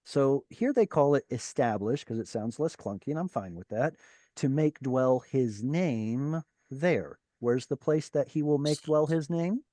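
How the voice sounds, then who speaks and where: A man leading an online language class, his voice dry and close with no room around it. He explains grammar points patiently and cheers his students on. His pitch sits in an ordinary middle range. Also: expressive, a little slow, warm tone, no room sound. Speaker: Hebrew teacher. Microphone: video call.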